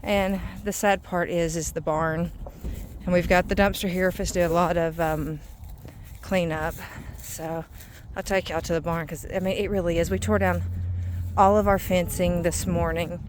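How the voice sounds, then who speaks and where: A woman's voice: on the low side, little pitch movement, a little hiss or hum. A woman, talking casually in a rambling vlog as a mother. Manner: chatty, rambling, with drawn-out fillers. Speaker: vlogger and mother.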